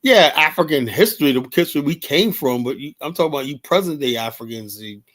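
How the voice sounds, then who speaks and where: A man's voice: on the high side, animated, quick pace, a bit bright. A man hosting a live stream, talking casually and rambling to his chat, often laughing.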